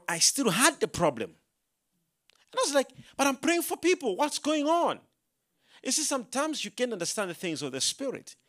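A male preacher with a fairly high, bright voice delivers a sermon in an animated storytelling way. He swings between hushed, low asides and loud, emphatic proclamations, acting out his own prayers as he goes. His pitch moves constantly. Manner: rising to loud emphatic proclamation when quoting scripture.

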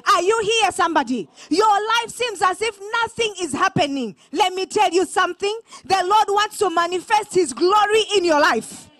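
A woman's voice: very high voice, lively intonation, normal speed, hardly any pauses, dry recording. Impassioned Malawian woman preaching. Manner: impassioned, call-and-response, often shouting. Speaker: prophetess preaching. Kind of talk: sermon.

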